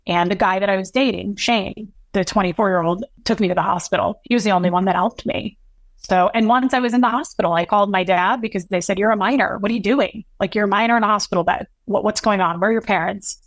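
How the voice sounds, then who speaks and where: A woman guest in an interview, recounting a painful personal story in a halting, emotional, long-winded way. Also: mid-range voice, dry recording.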